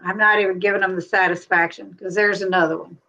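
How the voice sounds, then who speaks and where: A woman from North Carolina hosts a casual livestream chat. She talks freely and laughs easily, in a relaxed, everyday tone. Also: mid-range voice, quick pace, muffled recording. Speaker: livestream host.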